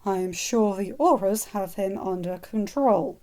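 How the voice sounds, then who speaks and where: A woman's voice: mid-range voice, unhurried, mellow, close to an everyday voice. A woman reading an earnest wizard father. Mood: strained. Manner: strained and earnest. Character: gentle, strained middle-aged wizard father.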